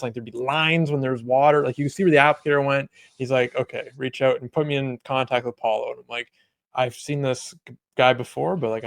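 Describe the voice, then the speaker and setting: Casting note: everyday male podcast host, mid pitch, rambling storyteller, dry close sound. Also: vocal fry, dry recording. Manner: rambling, lots of "like" and quoted dialogue. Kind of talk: casual storytelling chat.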